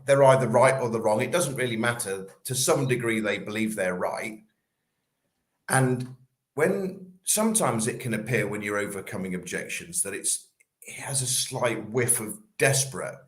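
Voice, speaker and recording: Animated man coaching on sales. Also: lowish voice, normal speed, reverberant. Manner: animated, acts out little scenes in quoted voices. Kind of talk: casual podcast talk.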